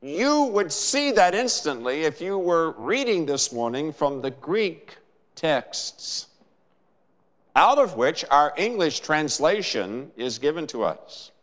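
Slow, animated preacher in a reverberant church. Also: male voice, on the high side. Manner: measured, emphatic preaching with dramatic pauses. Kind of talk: sermon. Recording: long hall reverb.

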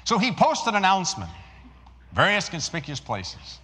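A man's voice: sits high, wildly swooping pitch, moderate pace. Emphatic male preacher in a reverberant hall. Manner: rises emphatically then drops to hushed storytelling. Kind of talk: sermon with storytelling.

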